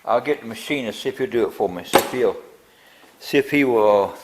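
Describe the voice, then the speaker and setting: A man's voice: medium pitch, fairly quick, noisy background. An older man, talking through a tractor build in his machine shop in a rambling, grumbling way. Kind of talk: casual workshop vlog.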